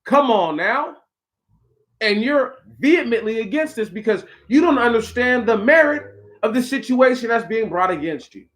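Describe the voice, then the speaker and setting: A man's voice: extremely high pitch, lively intonation, moderate pace, fairly bright tone. A man hosting a talk show, delivering a preachy, conversational monologue straight to his listeners with slang asides. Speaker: podcast host.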